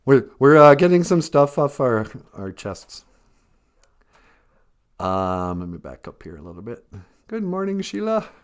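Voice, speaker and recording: A man's voice: fairly low pitch, very animated, unhurried, pauses often, clean tone. A man hosting a casual live stream, reading out viewer comments, often chuckling and thinking aloud in a reflective way.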